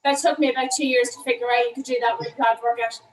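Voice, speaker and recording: A woman's voice: a little high, fairly even intonation, racing, recorded from a distance. An Irish woman leading an online indoor cycling class, talking while eating and apologizing for it. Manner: talking with food in her mouth, apologetic. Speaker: cycling coach. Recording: echoey room, away from the mic.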